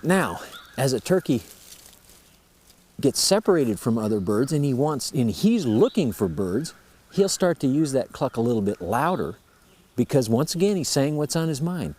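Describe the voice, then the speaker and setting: A man's voice: medium pitch, big pitch swings, normal speed, darkish tone. A man teaching turkey calls, explaining each sound step by step in a folksy, plain-spoken way. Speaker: turkey-calling instructor. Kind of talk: instructional explanation.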